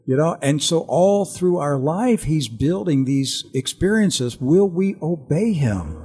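Older guy w husky voice telling his faith story, earnest, lots of restarts. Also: fairly high pitch, lively intonation, takes it slowly, hardly any pauses, darkish tone. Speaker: guest telling a testimony. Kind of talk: storytelling in a Christian talk show.

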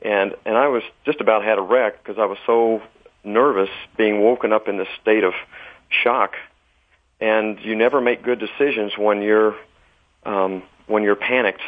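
Man, earnest and measured, low voice, phone-line sound. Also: fairly even intonation. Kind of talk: religious talk show conversation.

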